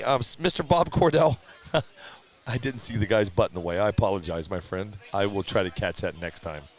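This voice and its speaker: A man hosting a live stream who calls the races in a chatty, easygoing way and shouts with excitement at a surprise win. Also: lowish voice. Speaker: race announcer and livestream host. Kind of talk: casual live race commentary. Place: at a drag racing event.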